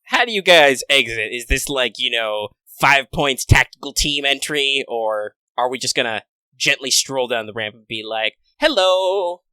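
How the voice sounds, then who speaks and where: A man's voice: mid-range voice, normal speed, pushed and bright, clean tone, no room sound, low-quality recording. A man narrating a tabletop game as game master, rambling with many fillers and restarts.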